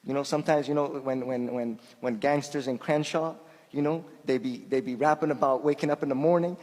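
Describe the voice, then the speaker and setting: एक आदमी अनौपचारिक धर्मोपदेश दे रहा है, बोलचाल के अंदाज़ में, शब्द दोहराते हुए और किस्सों में आवाज़ें निकालते हुए; उसकी मातृभाषा फ़ारसी है।. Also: male voice, medium pitch, fairly even intonation, fairly quick, darkish tone. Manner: conversational, repeats words while searching, acts out quoted voices. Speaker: shaykh giving a talk. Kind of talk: informal sermon with anecdotes. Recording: long hall reverb.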